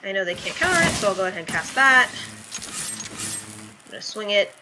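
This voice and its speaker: A young adult woman chatting casually and thinking out loud as she plays a card game. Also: medium pitch, big pitch swings, brisk, noisy background. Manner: chatty, thinks aloud while playing. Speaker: streamer. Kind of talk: casual gameplay commentary.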